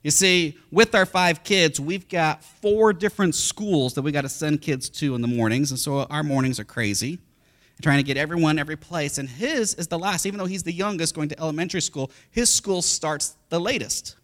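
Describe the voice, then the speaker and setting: Bright-voiced animated male pastor preaching. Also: fairly high pitch, normal speed. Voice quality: animated storyteller who acts out the voices of the people in the story. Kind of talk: sermon.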